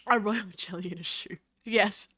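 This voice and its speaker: A woman's voice: mid-range voice, normal speed, a bit bright, slightly rough. A woman chatting casually on a live stream, reading chat aloud and thanking viewers in a bubbly, scattered way.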